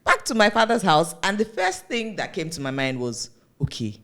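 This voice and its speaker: A young woman hosting a podcast in casual chat, often pausing and restarting as she agrees. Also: medium pitch, huge pitch swings, fairly bright tone. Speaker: podcast host.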